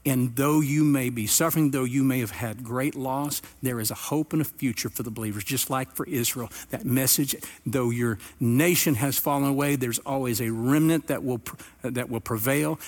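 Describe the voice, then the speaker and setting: Middle-aged male pastor, mid-pitched voice, storytelling sermon delivery that builds to earnest emphasis. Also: moderate pace.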